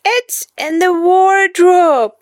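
A woman voicing a frightened little boy in a read-aloud storybook, yelling and sobbing in a shrill voice. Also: drawn-out words, no echo, studio quality, exaggerated voice. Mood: fearful telling.

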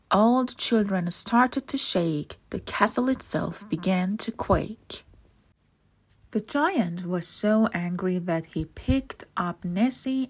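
A woman reading a children's story aloud with slow, expressive delivery. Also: medium pitch, husky.

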